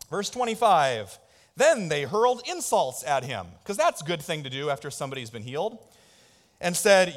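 A man's voice: sits high, sing-song, moderate pace. A man pastor preaching a sermon in a church, calling on the congregation to answer back. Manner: call-and-response preaching. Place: church sanctuary. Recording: long reverb in a church hall.

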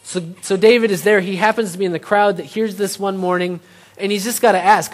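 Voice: medium pitch, steady tone, fairly quick. A preacher giving a sermon, retelling a scripture story in plain everyday terms and asking the audience rhetorical questions.

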